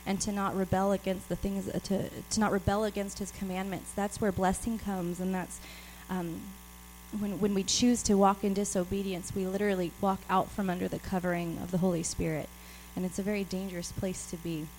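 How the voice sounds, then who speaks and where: A woman's voice: mid-range voice, flat delivery, a little fast, darkish tone, low-quality recording. Woman preaching kinda breathless, chatty and laughy, lots of restarts, faint hum behind. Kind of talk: informal sermon with scripture reading.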